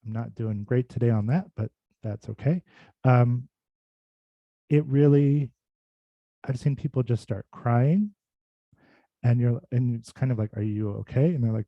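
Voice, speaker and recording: A man's voice: mid-range voice, measured pace, long pauses, no echo. Man, voice clinician, casual talk, rambling with fillers, dull lo-fi call audio. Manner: thoughtful, rambling, with many fillers and restarts. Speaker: speech and voice clinician giving a talk. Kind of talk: casual informal presentation.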